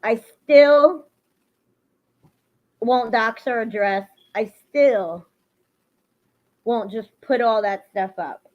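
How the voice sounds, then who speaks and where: A woman chats on a livestream with a fairly high voice, her feelings running close to the surface and her talk turning into heated ranting. The audio is lo-fi and a bit muffled. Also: takes it slowly. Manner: emotional, swings into angry ranting. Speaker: livestream host. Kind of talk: casual livestream chat to viewers.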